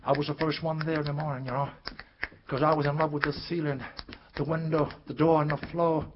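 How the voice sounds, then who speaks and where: An older man performing a story in rhythmic, sing-song spoken word, swinging from loud cries to hushed whispers. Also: on the high side, little pitch movement, brisk. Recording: dull lo-fi recording with faint noise.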